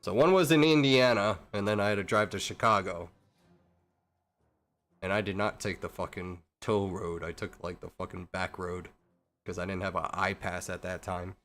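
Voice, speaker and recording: A man's voice: sits low, steady tone, normal speed, fairly bright tone, soft background music. A man streaming a game, talking casually in a rambling, profane way with many restarts. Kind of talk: casual rambling chat while gaming.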